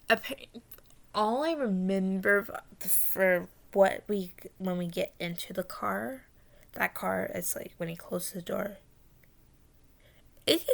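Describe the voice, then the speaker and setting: A young woman casually recounting a dream in a rambling, halting way, full of fillers and restarts, often dropping into whispers. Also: medium pitch, creaky. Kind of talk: casual storytelling.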